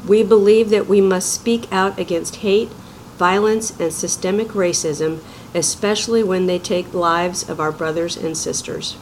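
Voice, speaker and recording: A woman, president of a nonprofit, reading a prepared statement in an earnest, measured way. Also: on the low side, steady tone, a little mellow, slight background noise, rough recording.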